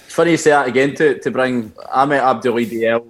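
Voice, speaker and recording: A young man with a Scottish accent, co-hosting a casual podcast and telling animated football anecdotes, laughing as he goes. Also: mid-range voice, quick pace. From Scotland. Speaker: podcast co-host. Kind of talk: casual storytelling chat.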